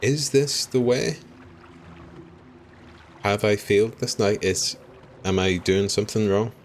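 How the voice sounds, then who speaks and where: A young man from Ireland with a deep, low voice streams a game live, chatting easily and slowly with his viewers as he comments on the gameplay. He speaks loosely, laughs a lot and apologizes often, with a faint hum of noise beneath him.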